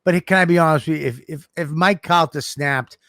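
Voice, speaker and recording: A middle-aged man co-hosting a podcast, telling animated, profane stories in casual chat. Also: on the high side, brisk, no echo, studio quality. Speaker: podcast co-host.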